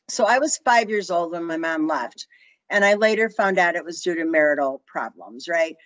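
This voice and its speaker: Her voice is lowish, and the audio sounds dull with no room sound. She's a guest in her sixties recounting personal stories in an interview, animatedly performing the voices of those she quotes.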